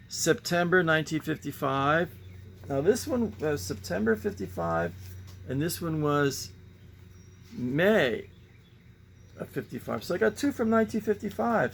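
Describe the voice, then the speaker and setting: A man with a gravelly, slightly raised voice talks casually through his comic collection. He rambles and muses as he goes, breaking off into sighing asides. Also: on the high side, fairly bright tone, a little hiss or hum. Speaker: comic book collector host. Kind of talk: casual show-and-tell commentary.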